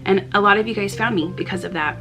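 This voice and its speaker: Woman vlogger, earnest and chatty, slight vocal fry, music playing behind. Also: medium pitch, fast. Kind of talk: heartfelt talk to camera. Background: background music.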